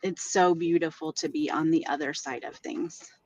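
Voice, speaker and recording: A woman's voice: sits low, steady tone, normal speed, darkish tone, lo-fi sound. A woman hosting a podcast interview, affirming and enthusiastic as she responds to her guest. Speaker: podcast host. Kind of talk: casual interview chat.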